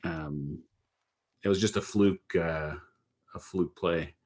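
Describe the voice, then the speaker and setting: A man's voice: sits low, takes it slowly, darkish tone. A man co-running an app project, chatting casually and rambling with lots of fillers. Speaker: app co-founder. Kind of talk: casual work chat.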